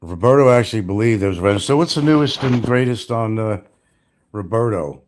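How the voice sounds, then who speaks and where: There's slight background noise as an older retired man hosts a casual, rambling livestream full of blunt profanity, mockery, and frequent laughter. His voice is fairly low and darkish, animated, and fairly quick.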